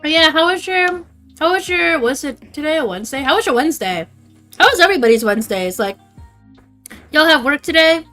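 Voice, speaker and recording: A woman's voice: sits high, animated, brisk, bright, forceful tone, faint music behind. A young adult woman chatting casually on a livestream, rambling and swearing freely. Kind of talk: casual stream chat.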